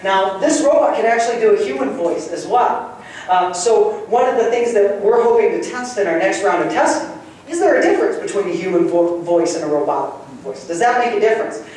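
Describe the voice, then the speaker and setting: A man gives a friendly, conversational public lecture, easygoing and quick to chuckle. He is picked up from well back in the room, so his voice is wrapped in strong echo. There is faint background noise. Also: sits high, expressive, darkish tone. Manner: conversational, good-humored, chuckles often. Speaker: guest lecturer. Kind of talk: public lecture with audience questions. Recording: roomy hall sound from far off, faint noise.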